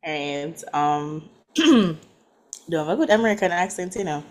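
A woman on a video call, chatting and laughing as she reads scripture aloud haltingly. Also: fairly low pitch, big pitch swings. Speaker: participant in an online prayer meeting. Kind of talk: casual video-call chat and scripture reading.

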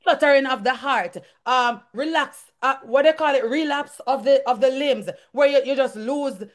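A young woman preaches her own testimony with a high, lifted voice. She speaks fervently and builds into shouted peaks as she presses her point to the congregation. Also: normal speed. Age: young adult. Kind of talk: testimony sermon.

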